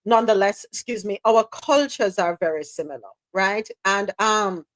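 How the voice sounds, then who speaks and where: Hosting a live talk show, a woman keeps up lively banter, chatty and teasing and laughing often as she speaks. Her medium-pitched voice moves at a normal speed, and the recording is dry.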